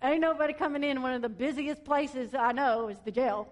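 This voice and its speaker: High-voiced woman telling a lively testimony. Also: brisk. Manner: animated, colloquial, self-mocking. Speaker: police officer giving a testimony. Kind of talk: storytelling testimony.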